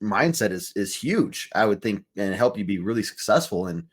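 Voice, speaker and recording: A male podcast host with a fairly low voice talks in a casual, laid-back way. He fills his thoughts with ums and easy chuckles. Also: expressive, moderate pace, slightly rough. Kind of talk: casual interview chat.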